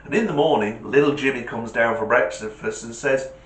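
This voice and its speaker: A man, hosting a comedy channel and telling jokes in an animated, punchy way. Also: mid-range voice, normal speed. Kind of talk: joke telling. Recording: echoey room.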